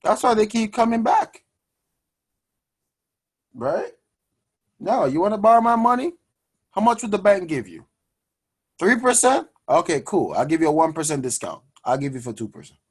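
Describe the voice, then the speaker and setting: A man hosting a personal finance show, talking to his audience in an energetic, preachy way and calling them guys. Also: high-pitched, moderate pace, long pauses, breathy edge. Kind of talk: energetic motivational money talk.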